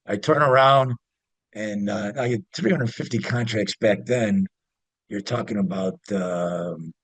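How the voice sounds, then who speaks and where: Guest: husky man, dry close sound, rambling storyteller with lots of fillers. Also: lowish voice, dry recording. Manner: rambling, many fillers and restarts. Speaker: interview guest, former pit trader. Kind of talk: casual storytelling.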